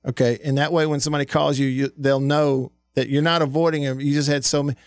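A man's voice: a little high, little pitch movement, fast, no echo, clean studio sound. Laughing radio host, man. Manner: laughing, storytelling. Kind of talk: casual sports radio chat. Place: radio studio.

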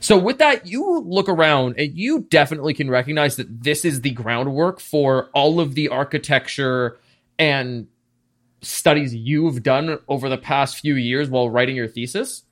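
A man narrating a tabletop role-playing game as game master, describing scenes at length in a lively way. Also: mid-range voice, normal speed.

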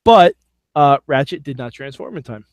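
Joking podcast co-host, dry close sound. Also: male voice, mid-range voice, expressive, moderate pace, no echo, lo-fi sound. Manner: joking, rambling with restarts. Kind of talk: casual chat.

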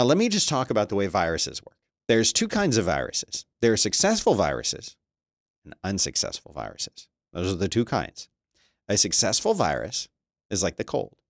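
A man giving casual commentary as a streamer, reading news aloud with sarcastic, animated remarks and frequent laughter. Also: lowish voice, dry recording, studio quality.

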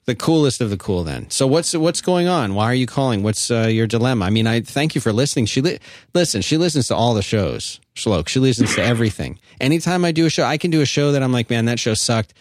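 A man hosting a call-in podcast in a relaxed, joking way. He talks in a mid-range voice in a dry, close room. He drifts off script easily. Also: mid-range voice, fast talker, no echo. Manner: chatty, joking, reads an ad loosely. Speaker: podcast host taking calls. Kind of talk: casual call-in podcast talk.

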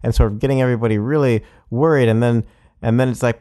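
A man's voice: medium pitch, fairly even intonation, fast, mellow. A man commenting on a speech clip in a conversational, admiring way, with fillers and self-corrections.

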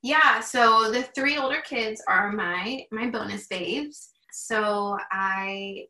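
A woman's voice: a little high, takes it slowly, pushed and bright, roomy sound, recorded from a distance, low-quality recording. A woman in her thirties talking earnestly and openly in a candid conversation, with plenty of "like" fillers. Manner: earnest, heartfelt, chatty with many "like" fillers. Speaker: guest.

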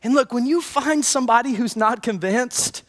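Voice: medium pitch, normal speed. A preacher delivering a sermon in a conversational way, with asides and retold scripture. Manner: conversational, animated, with many asides.

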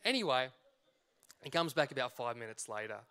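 A man, preaching a sermon and acting out a personal story with lively quoted voices. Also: medium pitch, brisk, clear, resonant tone. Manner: animated storytelling, acts out shouts and quotes. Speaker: pastor.

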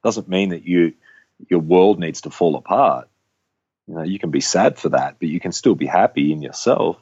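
A man's voice: low voice, moderate pace, a little mellow, husky, no room sound, highs cut off. A middle-aged man chatting as a guest, reflective and rambling with many restarts. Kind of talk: casual conversation.

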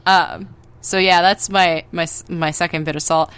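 A woman's voice: on the low side, fairly even intonation, normal speed, fairly bright tone, clear, resonant tone. A woman co-hosting a podcast, telling rambling stories in casual chat, full of fillers and swearing. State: tired from insomnia. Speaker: podcast co-host.

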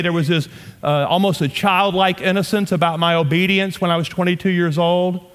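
High-voiced Southern preacher in his fifties. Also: steady tone, fairly quick, fairly bright tone, long reverb tail. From North Louisiana, USA. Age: 50s. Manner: impassioned, emphatic preaching with humorous asides. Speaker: pastor. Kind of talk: sermon.

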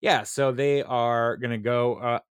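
A man's voice: medium pitch, fairly even intonation, unhurried, smooth, dry recording, studio quality. A man hosting a podcast, casually recapping a TV episode with lots of fillers and laughter. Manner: rambling, many fillers, laughs at own retelling. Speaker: podcast host recapping a TV show. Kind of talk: casual chat.

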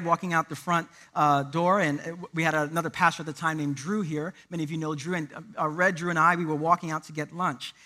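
A man's voice: a little high, sharp tone. A man preaching a sermon as lead pastor, building points through emphatic repetition and slipping into a chatty storytelling tone.

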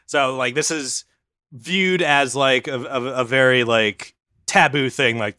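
A man's voice: mid-range voice, a little slow, pushed and bright, clear, resonant tone, dry recording, studio quality. A man telling a history story on a casual podcast, rambling and swearing now and then.

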